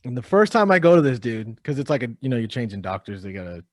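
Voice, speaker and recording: A young man co-hosting a podcast in casual chat, animated, cursing freely and imitating the people in his stories. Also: mid-range voice, fast talker, no room sound, clean studio sound. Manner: animated, swears a lot, imitates others. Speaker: podcast co-host.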